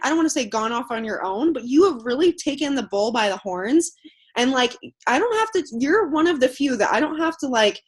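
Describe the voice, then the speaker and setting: A woman leading her team call, gushing with thanks and praise in a chatty way. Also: sits high. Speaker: team leader.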